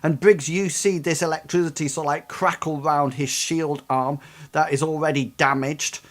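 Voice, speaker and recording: A man running a tabletop game as game master, describing combat with many pauses and restarts. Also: on the high side, steady tone. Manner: hesitant, full of ums and restarts.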